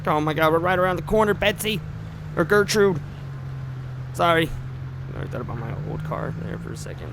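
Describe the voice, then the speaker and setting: A man's voice: fairly high pitch, expressive, fairly quick, vocal fry, pauses often, background noise. A man streaming a driving game, talking in rambling, joking asides full of fillers. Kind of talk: casual gameplay commentary.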